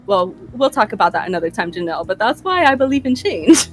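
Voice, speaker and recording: Young woman host, casual storyteller, swears freely, laughs a lot, mid pitch. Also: sing-song. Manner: profane, laughing, quick asides. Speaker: podcast host.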